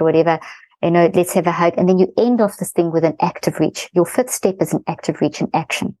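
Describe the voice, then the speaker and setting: A middle-aged woman, a guest expert in an interview, explaining a parenting method in fast-flowing, animated talk. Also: fairly low pitch, dry recording, rough recording.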